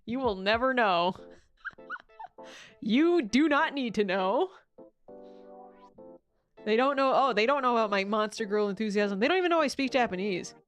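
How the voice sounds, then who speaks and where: A woman streamer in loose, rambling casual chat, her voice sitting a little high. She swears offhandedly, restarts her sentences and breaks into laughter often. Soft music plays faintly under her. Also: animated, normal speed, pauses often.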